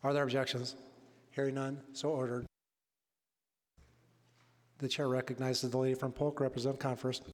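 Man, presiding officer, monotone procedural calls, echoey chamber. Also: medium pitch, normal speed, long pauses. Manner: steady rote announcing of motions and votes. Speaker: presiding speaker of a state house. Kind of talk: formal procedural chairing. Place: legislative chamber. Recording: echoey hall from a chamber mic.

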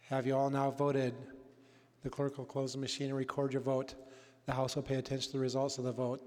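A man presiding over a state legislative floor session, calling motions and votes in a steady, rote manner. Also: medium pitch, fairly quick. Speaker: presiding speaker of a state house. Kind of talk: formal procedural chairing. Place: legislative chamber. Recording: echoey hall from a chamber mic.

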